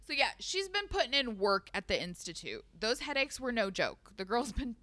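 A woman's voice: a little high, big pitch swings, moderate pace, bright, forceful tone, no room sound. A woman co-hosting a casual podcast, recapping a book with playful asides, cursing and frequent laughter. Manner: playful, swears, laughs often. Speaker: podcast co-host.

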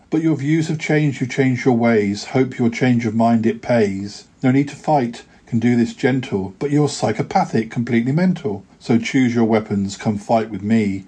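A man's voice: medium pitch, warm tone, slightly rough. A podcast host reading his own rhyming poems aloud in a rhythmic, sing-song way, with hesitant fillers when chatting.

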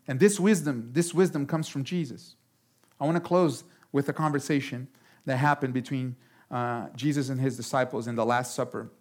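A man preaching a sermon as pastor, talking in an animated way and jumping up in pitch for emphasis. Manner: animated, jumps high for emphasis.

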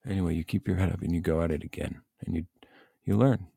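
A man's voice: low voice, fast, creaky, breathy edge, no room sound. A man giving blunt, profane coaching advice in a casual rant, speaking as a youth baseball coach and parent. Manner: blunt, profane, animated venting.

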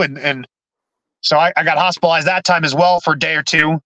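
A man, a podcast guest, telling his own story candidly in halting speech full of restarts and repeated words. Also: a little high, fairly even intonation, pushed and bright, dry recording, dull audio.

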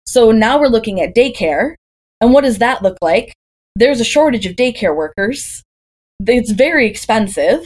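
Chatty woman telling lively stories. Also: a little high, normal speed. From Green Bay, Wisconsin, USA. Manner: chatty, lively storytelling with rhetorical questions. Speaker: doula, podcast guest. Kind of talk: casual podcast conversation.

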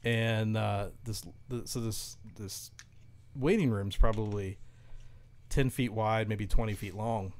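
A man telling a story in casual podcast chat, animated and laughing as he goes. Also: fairly low pitch, takes it slowly.

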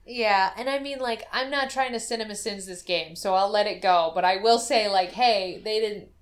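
Animated woman recapping a game plot. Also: mid-range voice, normal speed. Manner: animated storyteller, acts out quotes. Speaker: podcast co-host. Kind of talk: casual chat recapping a game.

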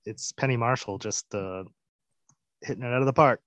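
A man's voice: mid-range voice, moderate pace, dull audio. Male podcast co-host, easygoing casual conversation. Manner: relaxed, chimes in with short agreements. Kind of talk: casual chat.

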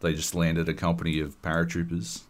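A man hosting a podcast, chatting casually and swearing freely as he tells an animated story. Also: low voice, a little fast. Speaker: podcast host. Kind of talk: casual chat.

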